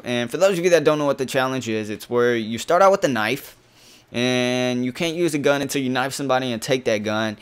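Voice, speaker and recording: A man's voice: medium pitch, clear, resonant tone. Swearing young man narrating gameplay. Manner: frustrated, swearing, swinging between calm and outbursts. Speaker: gaming channel host. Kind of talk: live gameplay commentary.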